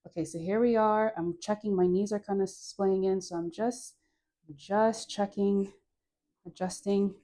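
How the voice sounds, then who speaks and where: A woman with a Caribbean accent leading a guided dance class, relaxed and playful, counting moves and sighing through deep breaths. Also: unhurried. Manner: playful, laughs at her own jokes. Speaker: dance instructor.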